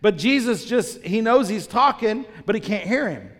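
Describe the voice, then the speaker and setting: High-voiced preacher in a reverberant church. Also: male voice, animated, normal speed, fairly bright tone. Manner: emphatic, repeats phrases and asks the congregation questions. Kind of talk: sermon. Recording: long reverb of a large church hall.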